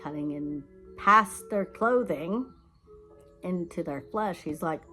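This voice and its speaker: A woman vlogger telling rambling, animated stories in a casual chat, laughing now and then. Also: fairly low pitch, slow, soft background music, rough recording.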